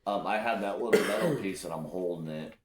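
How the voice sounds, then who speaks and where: A man's voice: sits low, a little fast. A man hosting a casual chat, telling loose, profane stories with lots of energy. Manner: loose, profane, animated storytelling. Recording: echoey room with faint noise.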